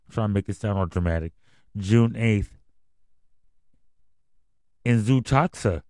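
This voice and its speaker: A man's voice: lowish voice, a little slow, mellow, dry recording. A man hosting a casual news commentary podcast, reading headlines and then going off on profane, rambling rants. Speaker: podcast host.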